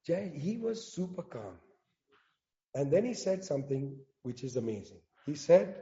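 Man, impassioned political talk, emphatic and sarcastic, high voice, muffled audio. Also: big pitch swings, a little fast, mellow. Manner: fiery, emphatic, sarcastic asides. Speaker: speaker at a public talk. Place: in South Africa.

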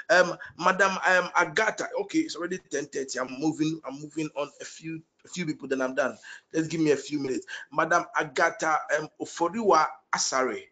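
A man's voice: high-pitched, a bit bright. A man speaks in a slightly raised register as he leads prophetic prayer. He calls out named people one by one and repeats his declarations with fervor. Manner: fervent, repetitive declarations.

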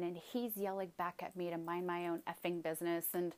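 A woman's voice: fairly low pitch, flat delivery, fairly quick. A woman telling a personal story with emphatic, vivid retelling, acting out her own outbursts.

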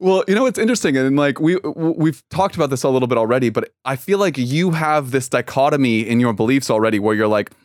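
A man's voice: mid-range voice, fast talker, hardly any pauses, no room sound, studio quality. A young man co-hosting a casual podcast, rambling, teasing and laughing often. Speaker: podcast co-host. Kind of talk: casual chat.

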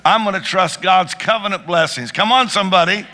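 Bright-voiced preaching man. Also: sits high, fairly quick. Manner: preaching with rising fervor, praying in tongues. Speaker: pastor. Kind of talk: sermon.

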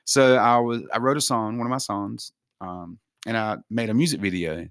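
Low-voiced man rambling in casual chat. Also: moderate pace, gravelly, clean tone, no room sound. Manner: rambling, full of fillers and restarts. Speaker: guest, singer, actor and wrestler.

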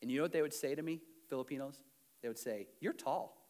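A male pastor preaching an animated sermon, swinging between loud urging and hushed earnestness, with self-deprecating humor. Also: medium pitch, fast talker.

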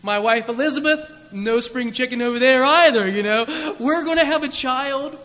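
A man puts on an old priest, flustered and full of doubt, his voice high and bright. He protests in disbelief. Long reverb from a large hall trails behind every word. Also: moderate pace. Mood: incredulous. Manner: incredulous, talking back.

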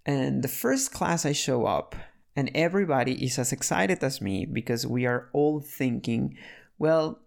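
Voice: mid-range voice, expressive, moderate pace, vocal fry. A speaker casually telling a story about learning a language, chatty and full of restarts and fillers.

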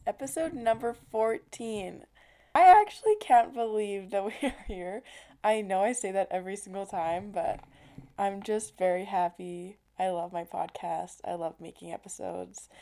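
A young woman hosts her solo podcast in a loose, rambling chat, full of "like" and casual swearing. Her voice has a soft, warm, mellow tone at an ordinary middle pitch. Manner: chatty and rambling, heavy use of "like", casual swearing. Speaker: podcast host.

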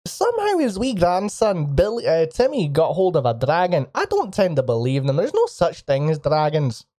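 Man voicing an old woman, prim, scolding, raised pitch. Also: wildly swooping pitch, normal speed, warm tone, no echo, studio quality. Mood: gossipy. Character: hunched wrinkly old woman villager.

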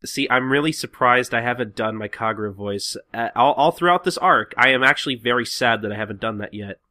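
A man's voice: mid-range voice, fairly quick, pushed and bright. A man hosting a podcast, recapping manga chapters in a rambling, filler-heavy way. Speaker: podcast host. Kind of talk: casual manga recap chat.

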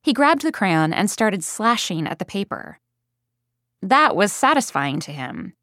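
A woman's voice: mid-range voice, sing-song, a little slow, fairly bright tone, dry recording, studio quality. A woman reading a mother's first-person story about her young son in a plain, conversational audiobook style. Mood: storytelling.

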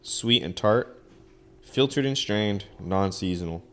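A man's voice: fairly low pitch, slow, fairly bright tone. A man in casual podcast chat, teasing and laughing often. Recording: noisy background.

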